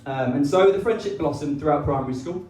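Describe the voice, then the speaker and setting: Man, wedding speech, teasing delivery with ums, slightly high voice, echoey room, distant mic. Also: darkish tone, a little hiss or hum. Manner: teasing, with many ums and pauses. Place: wedding reception hall.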